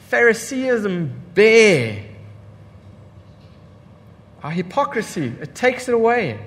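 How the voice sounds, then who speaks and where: A male pastor preaching with a high, very animated voice that climbs and drops sharply for emphasis. He repeats his key lines and throws rhetorical questions at the congregation, and the sound carries a long reverb from a church hall. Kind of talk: sermon.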